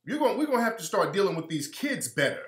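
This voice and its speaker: A man's voice: high voice, big pitch swings, fast talker, echoey room. A man hosting a live stream, giving heated, preachy commentary and repeating his points for emphasis.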